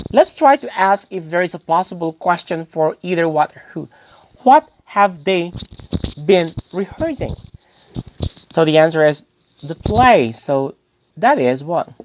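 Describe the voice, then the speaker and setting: A man's voice: a little high, a little hiss or hum. A male English teacher giving a grammar lesson, posing questions to the class and then answering them himself, often calling his listeners "guys" and repeating key phrases.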